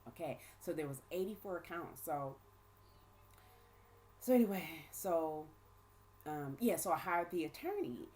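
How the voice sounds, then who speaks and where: A woman recounts her own experience in a casual home vlog, her child nearby, acting out people's words with shifting voices and animated energy. Speaking fairly low and a little slowly with long pauses, she laughs frequently and asks "right?" and "okay?", with faint hiss or hum in the background.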